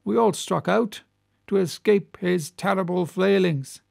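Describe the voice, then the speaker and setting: A man's voice: sits high, a little slow, creaky, darkish tone, no echo, clean studio sound, exaggerated voice. A man voicing a good-humoured, chatty one-armed ship captain who tells a long yarn, in an audiobook reading. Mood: storytelling.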